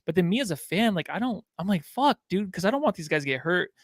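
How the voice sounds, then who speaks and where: A man with a fairly high voice co-hosts a casual sports podcast. He rambles loosely, throwing in swearing and filler. The sound is dry and close. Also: animated, quick pace, no room sound. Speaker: podcast co-host.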